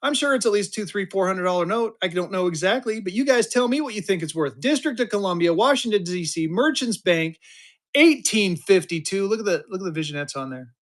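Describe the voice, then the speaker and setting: A man in his fifties running a live-stream auction, talking fast and joking through his patter. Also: high-pitched. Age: 50s. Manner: energetic, joking, drawling "y'all" asides.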